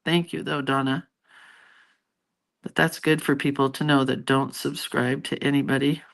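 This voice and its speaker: A woman's voice: very deep voice, level tone, normal speed, gravelly. A middle-aged woman hosting a casual live stream, chatting with her viewers and reading out their comments in a rambling, familiar way.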